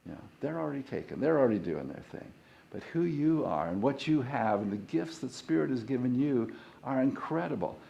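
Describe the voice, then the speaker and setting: A man's voice: medium pitch, gravelly, dark tone, lo-fi sound. A middle-aged man, a guest minister, preaching a conversational sermon and leading the congregation in repeating phrases. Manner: conversational, self-deprecating, leads call-and-response.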